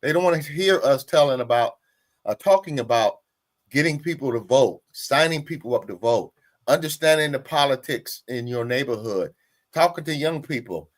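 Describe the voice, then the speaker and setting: A man on a political roundtable, speaking in a deliberate, emphatic way. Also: mid-range voice, animated. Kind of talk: political discussion.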